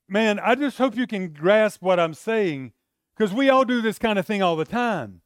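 High-voiced, lively preacher man. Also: moderate pace, no room sound, studio quality. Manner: animated storyteller acting out his own past arguments; conversational, checks in with the audience. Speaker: pastor. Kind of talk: sermon with personal stories.

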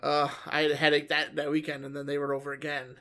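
A man in a casual chat, telling a story with jokes and animated asides. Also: fairly high pitch, quick pace.

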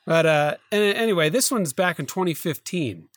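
A man with a slightly high voice tells a story to his co-host in loose, stop-start sentences, full of fillers and restarts. The sound is dry and close, with no room echo. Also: expressive. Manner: rambling, halting retelling with many fillers and self-corrections. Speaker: podcast co-host. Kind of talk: casual storytelling chat.

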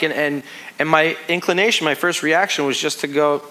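A pastor in his thirties preaches in an easy, conversational way, stumbling over restarts and letting his voice fall low on the heavy parts. His tone is bright and forward, sitting a little high for a man. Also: fairly even intonation, normal speed. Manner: conversational, repetitive restarts, drops to a hush on heavy points. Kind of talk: sermon.

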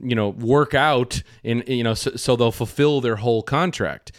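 A mid-pitched man talks loosely and profanely about a film, drifting into animated impressions as he tells stories. The sound is dry and close to the mic. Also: normal speed, dry recording. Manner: rambling, profane storytelling with animated quoted voices. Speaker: podcast co-host. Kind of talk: casual film podcast chat.

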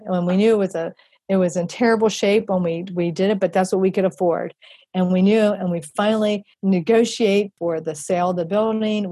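A middle-aged woman, a guest, tells a personal faith story in a tearful, halting way with many restarts. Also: fairly low pitch, dark tone, slightly rough, dry recording.

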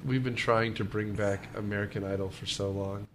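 A man's voice: on the low side, fairly even intonation, brisk, a little hiss or hum. A man in his thirties co-hosting a movie podcast, rambling and crude in casual chat. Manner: rambling, crude, self-interrupting. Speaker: podcast co-host.

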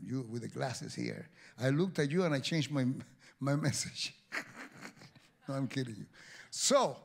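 A man preaching a sermon as pastor, animated and joking with the congregation. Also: mid-range voice, creaky.

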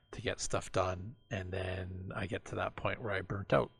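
Man, low gravelly voice, slow drawl, dry close mic, relaxed hobby chat. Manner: slow, laid-back, filler-heavy. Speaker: co-host.

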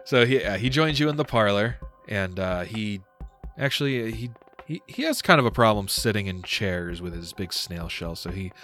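A man's voice: lowish voice, animated, moderate pace, fairly bright tone, soft background music. A man narrating as game master of a tabletop game, casually and with many fillers.

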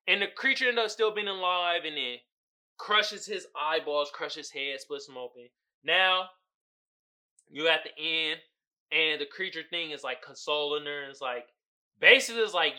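A man's voice: fairly high pitch, normal speed, bright, forceful tone. A man hosting a podcast, recapping a movie in a casual, profane, storytelling way with frequent laughter. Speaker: podcast host.

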